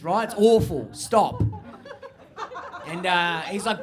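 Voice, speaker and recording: A man with an Australian accent performing a stand-up set into a handheld mic, with loose, high-energy storytelling. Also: measured pace, pauses often, soft background music. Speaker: stand-up comedian.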